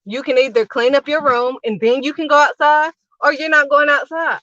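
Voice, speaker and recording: A woman's voice: high-pitched, steady tone, normal speed, pushed and bright, no echo, highs cut off. A woman preaching casually to camera as a channel host, emphatic and repetitive, driving each point home in short punchy phrases.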